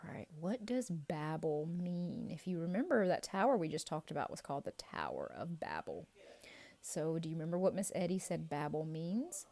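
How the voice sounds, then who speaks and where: A woman leading a playful Bible quiz for children, drawing out each answer and cheering the kids on. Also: low voice. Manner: playful, animated and encouraging, drawn-out answer reveals. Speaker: children's ministry teacher.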